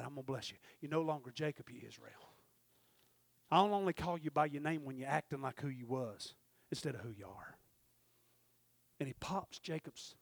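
A man preaching a sermon, telling folksy stories and acting out the dialogue, swinging from shouted peaks down to low murmurs. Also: creaky, dry recording. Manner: folksy storytelling with acted-out dialogue. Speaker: pastor.

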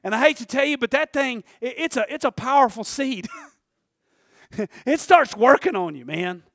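A male preacher giving a lively sermon, laughing often and swinging from hushed tones to shouting. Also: very high-pitched, moderate pace, vocal fry, dry recording, clean studio sound.

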